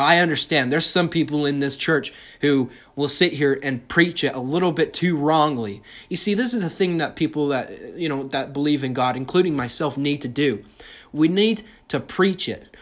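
A man's voice: on the high side, a bit bright. A young man hosting a podcast, ranting in a heated, mocking monologue full of swearing. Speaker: podcast host.

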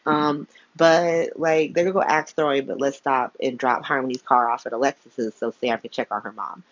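A woman's voice: rumbling low, steady tone, moderate pace, no room sound. A woman hosting a podcast, recapping a soap opera in a chatty, slangy way with frequent laughter and blunt opinions. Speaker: podcast host. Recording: slightly dull, dry lo-fi sound.

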